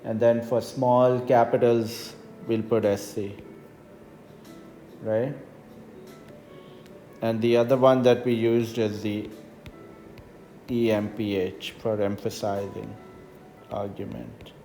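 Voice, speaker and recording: A man teaching a screen-recorded coding tutorial, explaining each step slowly and checking in with the listener. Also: fairly low pitch, little pitch movement, mellow, soft background music. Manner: unhurried, explains step by step with frequent "right?" checks. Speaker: math teacher. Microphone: voice-over on tablet whiteboard recording.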